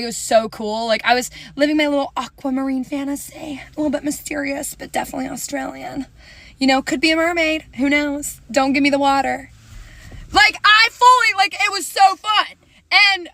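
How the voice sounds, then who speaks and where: A young woman tells a comic story from her own life with big swings between loud bursts and hushed asides. Her voice is high and bright, and the dry sound sits close to the mic. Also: no echo. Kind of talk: comic personal story to camera.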